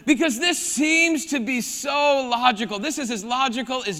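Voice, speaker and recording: A man preaching a sermon as pastor, animated, swinging between hushed emphasis and loud bursts. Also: extremely high pitch, moderate pace. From South Dakota. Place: church hall. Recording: long reverb of a large hall.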